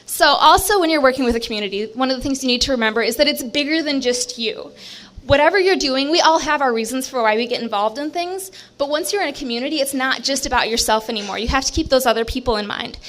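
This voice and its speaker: A woman giving a short timed talk on stage to an audience, speaking in a brisk, conversational and encouraging way. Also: high-pitched, a bit bright. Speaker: presenter at a community speaking event. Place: bistro event stage with an audience.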